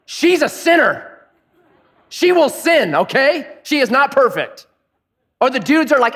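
A middle-aged male pastor delivers a sermon in a high, lively voice with a breathy edge, speaking at normal speed. His preaching is joking and animated, swooping up and down in pitch.

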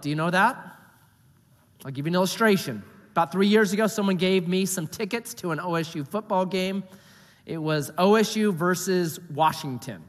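A male pastor preaching a sermon, telling stories in an animated, jokey way. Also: high-pitched. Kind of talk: sermon with storytelling. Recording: long hall reverb.

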